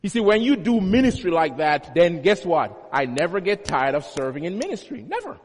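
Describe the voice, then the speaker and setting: A man's voice: on the high side, lively intonation, normal speed. A male pastor preaching a sermon, teaching with emphatic repetition and homely everyday examples. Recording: long hall reverb.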